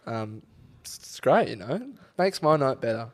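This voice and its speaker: A man's voice: mid-range voice, a little slow. Swearing man telling stories. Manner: swearing, lively storytelling with acted-out quotes. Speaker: podcast co-host. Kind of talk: casual chat.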